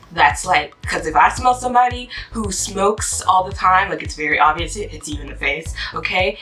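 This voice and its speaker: A woman's voice: deep voice, sharp tone, far from the mic, low-quality recording. A woman giving a casual rant of a book review, emphatic and exasperated in a chatty way.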